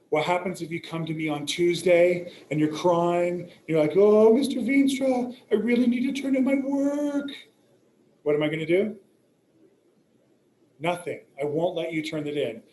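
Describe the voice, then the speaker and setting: Joking teacher in an echoey classroom. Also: male voice, on the high side, a little mellow. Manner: joking, peppers talk with "right?" and "okay?". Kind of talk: classroom lecture. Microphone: recording device some distance away. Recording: roomy classroom echo, faint hum.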